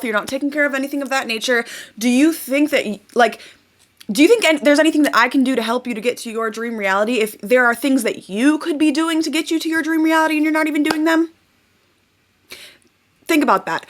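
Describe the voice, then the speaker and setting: A woman's voice: high-pitched, fairly bright tone. A young woman giving a blunt, emphatic motivational talk, swearing freely and mocking doubters. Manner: mocks doubters in put-on quoted voices. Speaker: manifestation coach. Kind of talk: motivational monologue to camera.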